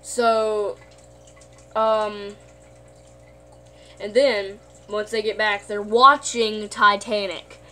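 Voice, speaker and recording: A woman's voice: medium pitch, little pitch movement, drawn-out words, pauses often, sharp tone, slight background noise. A woman casually retelling a cartoon's plot in a rambling way, full of fillers and self-corrections. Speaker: video host.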